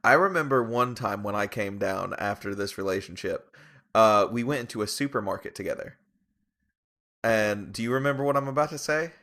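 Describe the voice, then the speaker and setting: A man's voice: lowish voice, brisk, pushed and bright. A man hosting a casual podcast chat, giving short agreeing replies and joking along. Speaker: podcast host.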